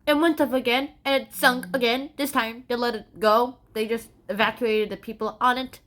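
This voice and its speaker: A woman's voice: on the high side, normal speed. A woman giving a playful, casual history lesson, joking and adding sound effects. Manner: animated, jokey, adds sound effects. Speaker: history explainer.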